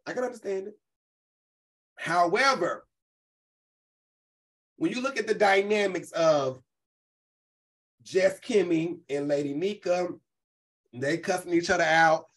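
A woman hosting a casual commentary chat, talking in an animated, profane way and putting on other people's voices when she quotes them. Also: fairly low pitch, rough recording. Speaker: host.

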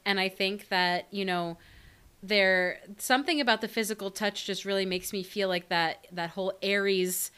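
A woman's voice: mid-range voice, fairly even intonation, normal speed, bright, forceful tone, clear, resonant tone. A woman co-hosting a casual astrology podcast, thinking aloud with many fillers and restarts. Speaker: podcast co-host.

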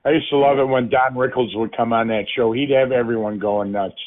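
A man's voice: mid-range voice, steady tone, a little fast. A man chatting casually on a call, rambling through stories with fillers. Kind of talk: casual phone chat. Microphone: phone call. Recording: tinny phone line.

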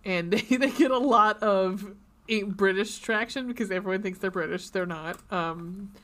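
A woman's voice: medium pitch, normal speed, a bit bright. A woman co-hosting a podcast in casual chat, rambling with lots of fillers and restarts. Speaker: podcast co-host.

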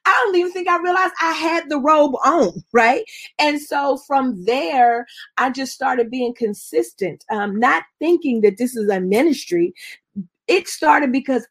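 A woman minister sharing a personal testimony in an expressive, storytelling way. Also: high voice, measured pace.

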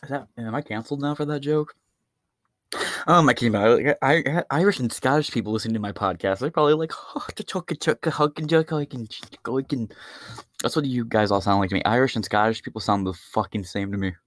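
A man's voice: on the low side, fast, no room sound, studio quality. A man hosting his own podcast, ranting alone in a rambling, mocking and heavily profane way. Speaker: podcast host. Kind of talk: ranting solo podcast monologue.

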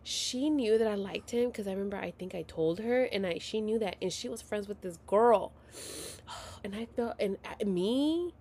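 A woman's voice: mid-range voice, normal speed, dark tone. A woman in her thirties telling a story to her viewers at home in a casual, dramatic and profane way, often dropping to a whisper. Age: 30s.

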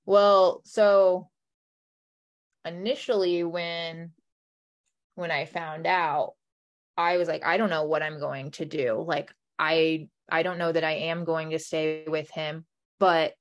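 A woman's voice: deep voice, little pitch movement, slow. A young woman telling a personal story in a conversation, talking emotionally with many "like" fillers and acting out what people said. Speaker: guest.

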